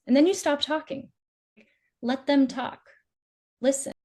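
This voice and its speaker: A woman dating coach talks through relationship advice in a loose, chatty way. She fills her talk with "like" and slips into quoted voices. Her tone is mellow and relaxed. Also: high-pitched, measured pace. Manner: chatty, says "like" often, acts out quoted voices.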